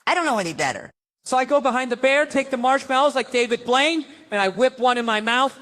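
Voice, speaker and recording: A man telling a wild story on stage as a stand-up comic, with a voice that sits notably high for a man. He is profane and animated, and he jumps into other people's lines as he acts them out. He sounds middle-aged. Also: fairly quick. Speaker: stand-up comedian.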